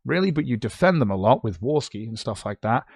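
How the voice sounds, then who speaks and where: A man's voice: mid-range voice, sing-song, a little fast, creaky, darkish tone, slightly rough, no echo, clean studio sound. A British man on a livestream, talking back at posts he reads aloud in a sarcastic, sweary way. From Britain. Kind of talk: casual livestream commentary.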